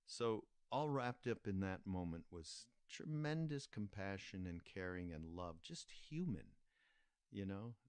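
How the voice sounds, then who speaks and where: Older man, podcast host, deep voice, rambling reflective storytelling, dry close sound. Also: expressive, darkish tone, clean tone, dry recording. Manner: reflective, meandering, with frequent pauses and restarts. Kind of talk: casual spoken storytelling.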